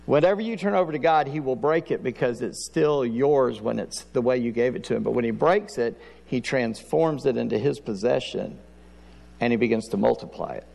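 Gravelly preacher in reverberant hall. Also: male voice, mid-range voice, moderate pace, darkish tone. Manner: folksy storytelling, acts out prayers and dialogue. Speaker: pastor. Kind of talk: sermon.

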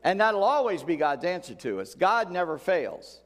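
A man's voice: sits high, sing-song, moderate pace, big-room sound. A male pastor preaching a sermon in a folksy, conversational way, repeating key phrases for emphasis.

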